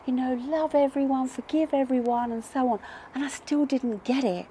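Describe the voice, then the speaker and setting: A woman speaks in a slightly high, mellow voice, telling her own story to camera. She is earnest and reflective and keeps asking herself questions as she goes. Her voice sits over a faint hiss. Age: adult parent. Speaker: numerology vlogger. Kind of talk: personal storytelling.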